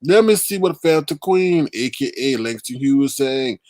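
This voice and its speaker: A man's voice: on the high side, dry recording. Man, live-stream host, theatrical reactions, casual commentary, dry close sound. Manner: theatrical, reacts loudly with drawn-out ooh and scared cries.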